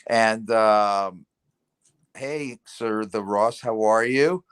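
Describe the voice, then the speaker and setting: A man's voice: lowish voice, very slow, fairly bright tone, clear, resonant tone. A man in his fifties hosting a podcast over a video call, talking in a rambling, enthusiastic way that jumps between topics. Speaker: podcast host. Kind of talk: casual video-call chat.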